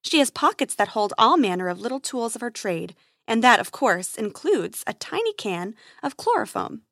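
A woman with a fairly high voice reads a children's space adventure aloud. Her delivery is lively and expressive. The sound is dry and close to the mic. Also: normal speed, vocal fry, no echo. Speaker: storyteller. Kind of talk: narrating a children's adventure story.

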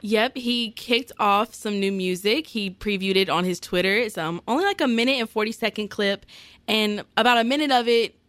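A woman co-hosting a casual entertainment news chat, relaxed and agreeable as she recaps stories. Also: mid-range voice, moderate pace, dry recording. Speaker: co-host.

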